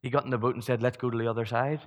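Preaching very fast with fairly even intonation, a man with an ordinary mid-pitched voice addresses his church congregation informally. He poses rhetorical questions, restarts sentences often, and the hall's long reverb follows every phrase.

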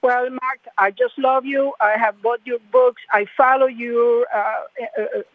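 A woman calling in to a talk radio show, gushing and halting with fillers. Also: fairly high pitch, fairly even intonation, no echo. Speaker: caller. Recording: muffled phone line.

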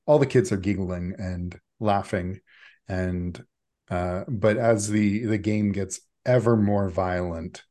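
Low-voiced, unhurried male game master. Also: dark tone. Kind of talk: narrating a tabletop game.

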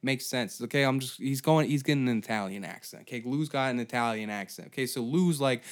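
A man's voice: mid-range voice, fairly quick. A man hosting a comedy podcast, telling a story in a profane, rambling, sarcastic way. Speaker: podcast host.

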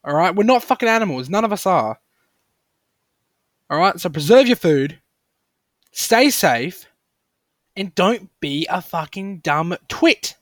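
A man's voice: sits high, lively intonation, unhurried, long pauses, dry recording, studio quality. Angry, swearing young man. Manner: angry, profane, swearing constantly. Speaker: podcast host. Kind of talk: solo podcast rant.

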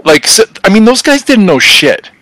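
A middle-aged man telling stories in casual chat, animated and full of swearing. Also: sits high, moderate pace, background noise. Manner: profane, animated storyteller. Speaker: podcast guest.

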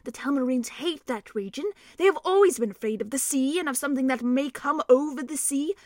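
A woman's voice: high voice, a little fast, a little mellow, no echo, clean studio sound, pitched above the performer's own voice, natural voice. Woman reading as an earnest learned old doctor. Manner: earnest, explanatory, urgent.

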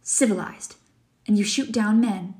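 An earnest young hunter, as a woman reading aloud puts him on, protesting stiffly and sincerely. The voice is warm and mellow. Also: mid-range voice, a little slow, lightly acted. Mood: indignant. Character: indignant young male hunter.

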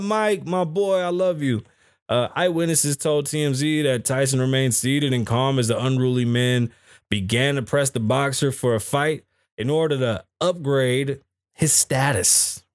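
A man hosts a casual talk podcast, reading news stories aloud and stopping to mock them with blunt, profane asides. His voice sits at a middling pitch and is recorded close and dry, with no room sound around it. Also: no echo. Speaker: podcast host.

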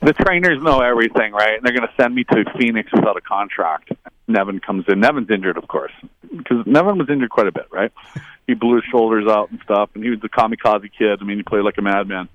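A man's voice: fairly bright tone, no room sound, lo-fi sound. A middle-aged man, a former hockey player, telling long casual anecdotes, rambling and quoting others. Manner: rambling anecdotal, quotes others in higher voices. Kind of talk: casual storytelling.

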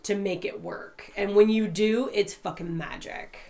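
A woman's voice: mid-range voice, fairly even intonation, a little slow, vocal fry, dark tone. A woman co-hosting a casual chat, playful and swearing freely.

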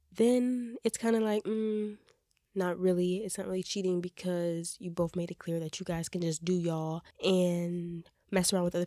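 A woman's voice: fairly low pitch, no room sound. Young woman, congested, casual opinionated podcast host, dry close sound. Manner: chatty, opinionated, animated. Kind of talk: casual chat.

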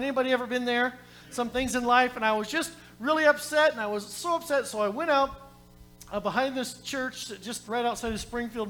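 Animated preacher man telling a story. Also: very high-pitched. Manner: animated storytelling, swinging from loud calls to quiet reading; joking asides to the congregation. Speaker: pastor. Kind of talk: sermon.

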